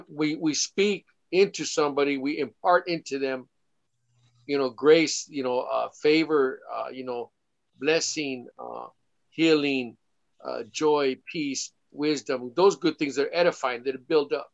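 A man in a casual church discussion, speaking hesitantly and pausing on fillers as he searches for words. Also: a little high, gravelly. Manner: hesitant, many fillers and restarts. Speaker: Bible study participant. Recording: dull lo-fi sound.

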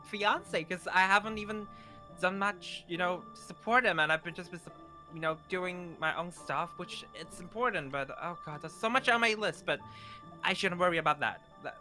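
Flustered, stammering bright-voiced roleplayer. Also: male voice, sits high, normal speed, soft background music. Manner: flustered and stammering, with lots of repeated words. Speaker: roleplay player. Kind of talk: in-character Minecraft roleplay.

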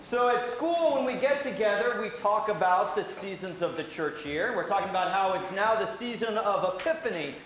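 Priest, man, high voice, talking to kids in a very echoey church with faint hiss. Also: animated, moderate pace, hardly any pauses. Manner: gentle, conversational, frequent "uh" fillers. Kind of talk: children's sermon. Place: large church sanctuary.

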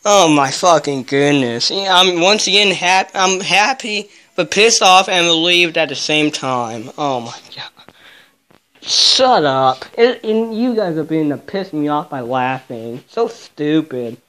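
A man filming a casual vlog in a hot garage, swearing often and talking in a hushed, jittery way. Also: fairly high pitch, animated, slow pace. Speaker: vlogger. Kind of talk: casual self-filmed vlog.

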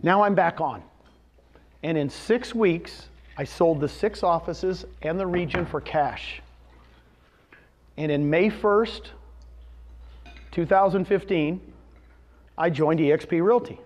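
A man's voice: on the high side, measured pace, a little hiss or hum. A man in his fifties giving a presentation to a live audience, telling a personal story and asking the room questions. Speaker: real estate presenter. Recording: dull lo-fi recording.

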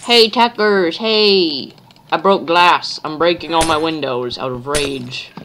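Man, high lively voice, slow jumpy horror-game commentary, noisy background. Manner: jumpy, yelps and chatters nervously. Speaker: let's play gamer.

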